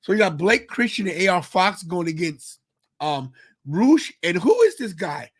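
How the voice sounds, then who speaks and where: A man with a fairly high voice talks in a loose, rambling way, greeting viewers in the chat as he goes. He sounds tired and sleepy, chatting casually as host of his live stream. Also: very animated, a little slow, slightly rough. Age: adult with kids. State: tired, yawning. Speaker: podcast host.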